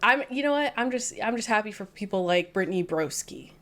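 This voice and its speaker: A woman from the American South co-hosts a podcast at a middle pitch. She chats loosely and playfully with her co-host. She keeps slipping in self-mocking jokes. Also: animated, brisk, fairly bright tone. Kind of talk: casual chat.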